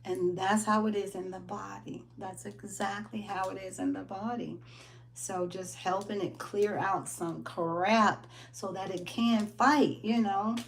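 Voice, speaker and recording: A woman speaks in an animated, laughing way as she gives a casual wellness pep talk. She acts out her stories with plenty of energy, and her voice sits at a middle pitch. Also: a little slow, gravelly. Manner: animated storytelling, laughs often, acts out quotes. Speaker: wellness business owner.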